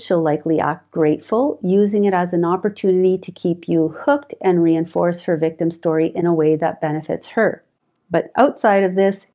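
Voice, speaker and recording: A woman presenting relationship advice in a calm, measured, scripted monologue. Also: fairly low pitch.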